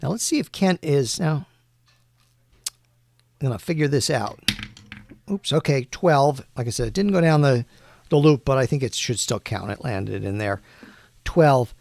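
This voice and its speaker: A man narrating a solo tabletop game, thinking aloud with many pauses. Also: mid-range voice, expressive, creaky, darkish tone.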